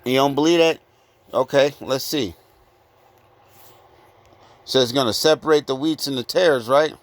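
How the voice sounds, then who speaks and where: A man preaching informally from scripture, confronting listeners with blunt rhetorical questions and reading verses slowly. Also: medium pitch. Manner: repeated rhetorical questions, "guess what?"; reads verses slowly and deliberately.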